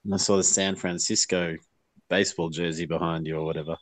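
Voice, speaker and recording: A man from Melbourne with an Australian accent, a guest in a casual chat, easygoing and quick to laugh. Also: sits low, little pitch movement, no echo, poor audio.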